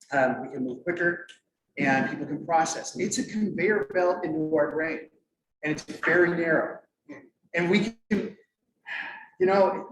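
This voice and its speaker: A middle-aged man presenting at a conference, lively and joking as he quizzes the audience. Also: on the high side. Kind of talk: interactive workshop talk. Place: conference room. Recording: echoey room, mic far off, faint noise.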